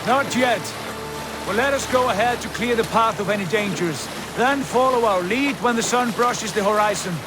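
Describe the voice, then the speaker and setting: A commanding Viking jarl, voiced by a man, speaks in a measured, high-pitched voice. Music plays clearly under his words in this game cutscene. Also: lightly acted. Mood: calm. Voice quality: measured, authoritative. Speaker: jarl leading a landing party. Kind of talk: video game voice acting.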